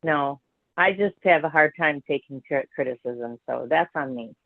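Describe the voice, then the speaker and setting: A man's voice: on the high side, normal speed, gravelly, no echo. A man chatting on a podcast, hesitant and self-deprecating, breaking off mid-word, heard over a tinny phone-like line. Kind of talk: casual chat.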